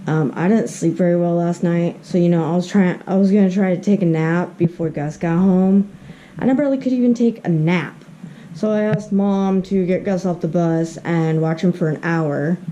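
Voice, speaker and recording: A woman's voice: lowish voice, dark tone, lo-fi sound, a little hiss or hum. A woman chatting candidly in a casual vlog, rambling and laughing between thoughts, filmed on a handheld camera. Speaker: vlogger.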